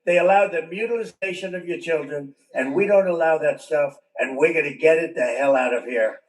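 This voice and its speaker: A man's voice: fairly high pitch, fairly quick. An older man, a politician, giving a rambling, repetitive rally speech full of conversational asides. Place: large venue with a crowd. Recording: roomy sound, distant from the mic.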